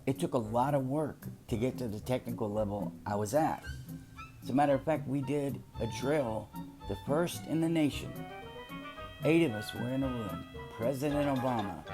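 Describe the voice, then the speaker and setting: Gravelly-voiced middle-aged man rambling on. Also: mid-range voice. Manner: rambling, emphatic, drifts into anecdotes. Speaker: commentary channel host. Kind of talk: casual commentary monologue. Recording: music playing behind.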